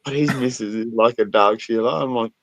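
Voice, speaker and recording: A man with an Australian accent telling crude stories in a casual chat, loud and often laughing. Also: mid-range voice, a little fast, no room sound.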